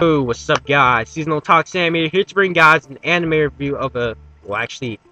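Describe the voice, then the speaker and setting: A man hosting a casual anime review video, talking in an energetic, rambling way. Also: on the high side, a little fast, hardly any pauses, raised voice, very noisy.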